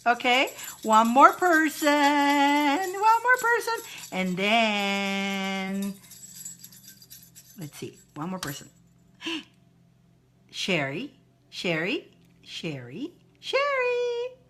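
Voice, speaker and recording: A woman's voice: fairly high pitch, expressive, very slow, long pauses, a bit bright, faint music behind. A woman hosting a live-stream spiritual advice chat, encouraging viewers with repeated phrases and reading out their comments. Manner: repetitive, encouraging, reads viewer comments aloud.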